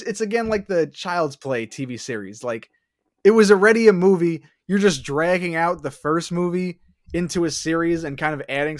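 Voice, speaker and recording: A man co-hosting a casual podcast, speaking in a laid-back, opinionated way with frequent fillers. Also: on the high side. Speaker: podcast co-host. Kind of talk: casual chat.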